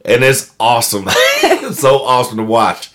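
A man's voice: medium pitch, wildly swooping pitch, normal speed, fairly bright tone. A man co-hosting a podcast in casual chat, joking and swearing as he talks to the listeners. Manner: joking, profane, addresses listeners. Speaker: podcast co-host.

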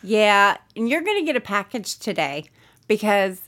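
A middle-aged mother chats casually on a podcast, her mid-range voice moving at a moderate pace. She's an animated storyteller who acts out quotes and swears often.

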